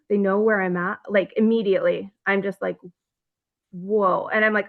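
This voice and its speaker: A woman's voice: medium pitch, fairly even intonation, normal speed. A woman telling her own story as an interview guest, acting out both sides of phone calls, with nervous laughs and stumbling restarts. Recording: thin phone-like audio.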